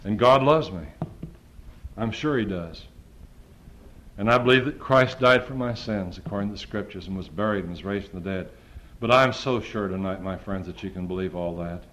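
A man preaching a sermon, moving from hushed, quiet passages to loud, rising pleas. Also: lowish voice, moderate pace, low-quality recording. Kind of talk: impassioned sermon.

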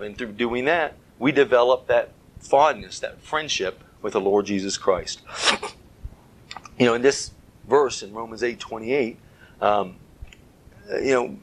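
A man's voice: medium pitch, poor audio. A man giving a Bible teaching talk as a preacher, earnest, speaking in short phrases and stressing key words.

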